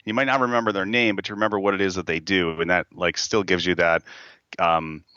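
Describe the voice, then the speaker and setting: A male podcast guest telling stories in a rambling, relaxed way over a dull, slightly lo-fi line. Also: sits low, fast, smooth, dry recording. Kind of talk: casual podcast chat.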